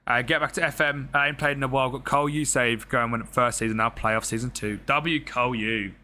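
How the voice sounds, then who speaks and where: A young man giving loose live commentary over a football management game, his voice bright and forceful. He chats with viewers, reads their messages and swears casually, with faint noise behind him. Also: medium pitch, fairly even intonation, fast talker. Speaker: streamer.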